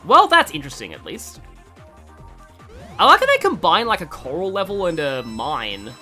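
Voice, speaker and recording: An Australian streamer rambles through casual gaming commentary, quick to poke fun at themself. The voice is bright and moves lively up and down, over faint game music. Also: medium pitch. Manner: rambling, self-deprecating, many fillers.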